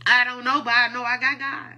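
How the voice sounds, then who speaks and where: A woman's voice: on the high side, level tone, fairly quick, bright, forceful tone. A woman who owns a food truck, defending herself in an emotional, indignant personal statement and repeating points for emphasis.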